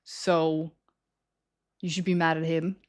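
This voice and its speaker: A woman's voice: low-pitched, level tone, takes it slowly, a little mellow. A young woman streamer telling a story to her chat in a casual, chatty way, laughing often.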